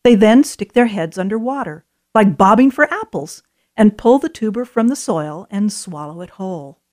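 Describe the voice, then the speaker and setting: A woman reading scripted audio tour narration about wildlife in a clear, friendly way. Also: mid-range voice, lively intonation, normal speed, darkish tone.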